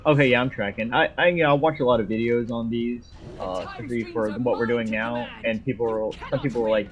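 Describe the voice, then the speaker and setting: A man's voice: mid-range voice, fairly even intonation, fast, few pauses, dull audio. A man in a game raid who chats casually and asks tactics questions, stumbling over his words. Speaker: raid member. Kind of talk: casual voice chat while gaming.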